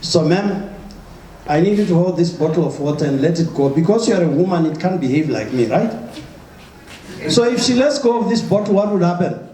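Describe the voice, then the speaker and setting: A man's voice: high voice, lively intonation, a little fast, warm tone. A man giving a motivational talk to a live audience, emphatic and often asking the crowd questions. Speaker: motivational speaker. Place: large hall with an audience. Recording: echoey hall with noise.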